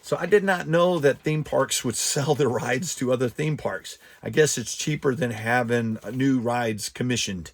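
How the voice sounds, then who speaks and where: A man's voice: medium pitch, moderate pace, hardly any pauses. A man hosting a podcast, chatting casually and rambling with frequent restarts and asides. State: out of breath. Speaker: podcast host.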